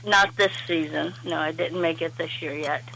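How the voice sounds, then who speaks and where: A woman's voice: low voice, steady tone, normal speed, vocal fry, very noisy. A woman calling in to a radio show, chatting in a friendly, easygoing way. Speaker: caller. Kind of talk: casual phone-in chat.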